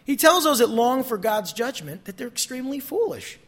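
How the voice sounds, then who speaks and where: A man preaching a sermon, reading scripture expressively and explaining it, his voice lifting on quoted verses and dropping low on conclusions. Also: very animated, normal speed, a bit bright. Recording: long reverb in a large hall.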